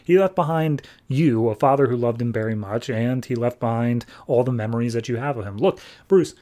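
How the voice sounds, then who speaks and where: A man's voice: mid-range voice, fairly quick, mellow, lightly acted. Man voicing a laid-back young hero. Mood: earnest. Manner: laid-back paraphrase, slangy.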